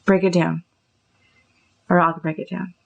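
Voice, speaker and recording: A woman's voice: a little slow, gravelly, dull audio. A middle-aged woman therapist hosting a podcast, explaining ideas casually and acting out little example dialogues. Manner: animated, acts out example dialogues with raised pitch.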